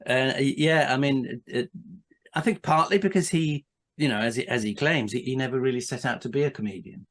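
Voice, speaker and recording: A man's voice: mid-range voice, moderate pace. Man telling a rambling anecdote. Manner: rambling, many restarts and asides, laughs while telling. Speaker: podcast guest. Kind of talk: casual anecdotal storytelling.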